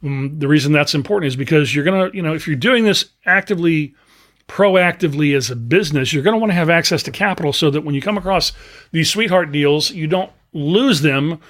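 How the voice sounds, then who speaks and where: A man's voice: on the high side, a little fast, a bit bright. Emphatic man coaching real estate investors. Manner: emphatic, frequent "okay?" check-ins. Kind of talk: live webinar teaching.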